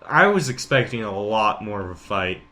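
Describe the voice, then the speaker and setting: A man's voice: lowish voice, sing-song, moderate pace, sharp tone. A man co-hosting a podcast in casual comedic chat, laid-back and laughing along with short replies. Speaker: podcast co-host.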